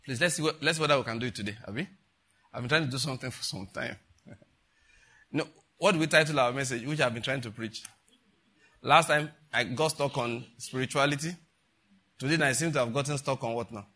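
A man's voice: medium pitch, fairly quick, pauses often, bright, forceful tone. An older man, a pastor giving a chatty, rambling sermon full of rhetorical questions to the congregation. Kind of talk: conversational sermon.

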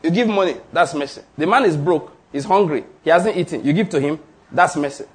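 A man's voice: on the high side, animated, brisk. A man preaching a sermon, emphatic and drawing answers from the congregation. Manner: emphatic call-and-response preaching. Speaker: pastor.

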